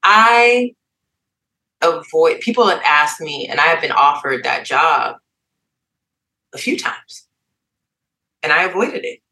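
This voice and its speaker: A woman's voice: low voice, takes it slowly, pauses often, rough recording. A woman speaking candidly as a podcast guest, frank and open, laughing and sometimes quoting others. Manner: frank, emotional, animated when quoting others. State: tearful at times. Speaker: guest, advertising executive.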